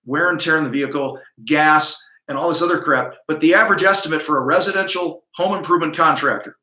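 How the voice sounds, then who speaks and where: A man's voice: on the high side, quick pace, pushed and bright, echoey room. A middle-aged man hosting a livestream coaching talk from his office, blunt, profane and pumped-up. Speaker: host. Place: home office.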